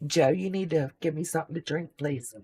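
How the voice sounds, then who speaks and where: A woman's voice: deep voice, a little fast, dark tone, slightly rough. A woman hosting a live sewing stream, chatting casually and reading viewer comments aloud in an effusive, gushing, readily emotional way.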